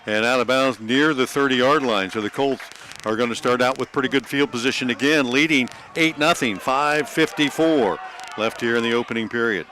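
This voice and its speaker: A man giving play-by-play for a high school football game, calling each snap quickly and joking like an auctioneer. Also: pushed and bright, slight background noise. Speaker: play-by-play announcer.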